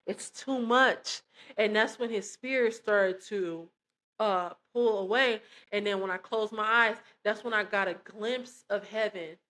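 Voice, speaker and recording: A woman's voice: medium pitch, fairly even intonation, a little slow, a bit bright. Earnest woman sharing a personal testimony. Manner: emotional, earnest, addresses listeners as "y'all". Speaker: christian testimony vlogger. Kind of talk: personal testimony, casual storytelling.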